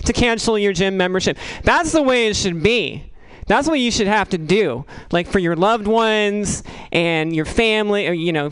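A woman's voice: mid-range voice, clear, resonant tone, low-quality recording. Rambling, crude stand-up comedian woman. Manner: rambling, halting, crude and deadpan.

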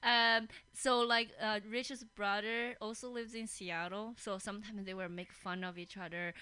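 A woman's voice: medium pitch, fairly even intonation, moderate pace, sharp tone, smooth, dry recording. A woman hosting a radio podcast, telling stories in casual chat with lots of fillers and laughter. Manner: giggly storytelling with many fillers. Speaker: podcast host. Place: radio studio.

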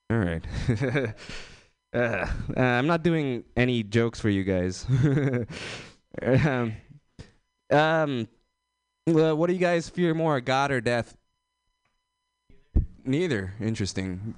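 A man's voice: medium pitch, expressive, takes it slowly, pauses often, smooth, no echo, studio quality. A man doing an open-mic stand-up set, rambling and self-deprecating, with lots of fillers. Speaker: stand-up comedian.

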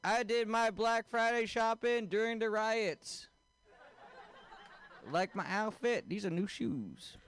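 Slow-talking high-voiced male comedian. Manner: deadpan, crowd-work questions, crude jokes. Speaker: stand-up comedian. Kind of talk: stand-up comedy set.

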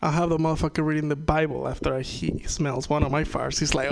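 Stand-up comic, Spanish native, Venezuelan accent, raised gravelly voice, loose and profane. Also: male voice, fairly high pitch, little pitch movement, brisk. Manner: loose, profane, laughs at own jokes. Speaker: stand-up comedian. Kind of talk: stand-up comedy set. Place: comedy open mic.

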